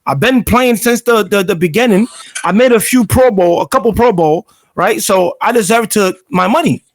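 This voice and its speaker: A man's voice: high-pitched, normal speed. A man voicing a proud male football star who insists on what he is owed, repeating himself. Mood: insistent.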